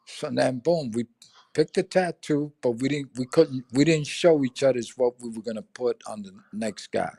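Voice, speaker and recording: A man's voice: medium pitch, normal speed, gravelly, dark tone, dry recording. An older man swapping crude, laughing army stories in casual chat, acting out the voices of people in them. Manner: profane, laughing, acts out voices in anecdotes. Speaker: veteran telling stories on a live stream. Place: home.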